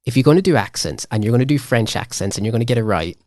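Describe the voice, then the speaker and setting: Male podcast co-host, mid-pitched voice, rambling and self-interrupting, dry close sound. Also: lively intonation, very fast, a little mellow, no room sound. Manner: rambling, many restarts, laughs often. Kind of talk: casual debate chat.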